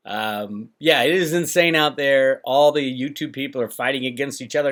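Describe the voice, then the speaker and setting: A middle-aged man hosts his own channel from home in Northern California, delivering a rambling, sarcastic monologue to camera and mocking others in put-on voices. His voice is mid-range and fairly bright, at a normal speed.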